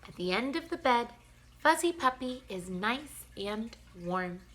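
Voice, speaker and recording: A woman teacher reading a bedtime picture book aloud to young children, gentle and playful, with soft sighs and yawns. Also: fairly high pitch, lively intonation, a little slow, slight background noise.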